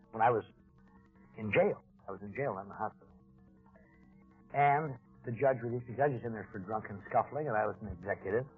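A man with a husky voice gives an earnest, deliberate talk on recovery, slipping in wry asides. The sound is thin and tinny, like an old phone-line recording, with faint music underneath. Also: a little high. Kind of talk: personal recovery talk to an audience.

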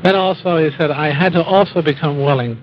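Man, storytelling talk, wry dry humor, halting restarts, muffled old-sounding recording. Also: on the high side. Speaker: speaker telling his life story.

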